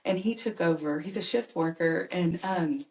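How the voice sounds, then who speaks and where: A woman's voice: on the low side, moderate pace, darkish tone. A woman, a mother and caregiver, telling personal stories earnestly and animatedly as a podcast guest. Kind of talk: conversational personal storytelling. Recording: echoey room.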